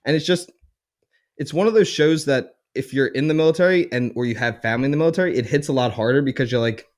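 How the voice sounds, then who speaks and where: A man's voice: medium pitch, fast, a little mellow. Twenty-something guy on a podcast, chatty and earnest. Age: 20s. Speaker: podcast co-host, army soldier. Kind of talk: casual podcast chat.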